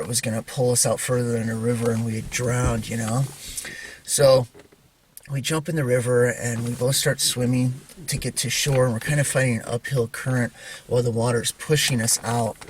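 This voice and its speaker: A man telling a personal story to camera in a halting, casual way, with many fillers and restarts. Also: medium pitch, a little hiss or hum. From Idaho. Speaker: Christian video maker.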